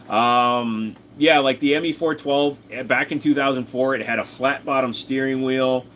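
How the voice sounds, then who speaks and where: A man's voice: mid-range voice, moderate pace, fairly bright tone, a little hiss or hum. A man streaming live, chatting casually and rambling as he answers viewers, swearing freely. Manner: rambling, profane, answers chat. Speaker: streamer reading chat.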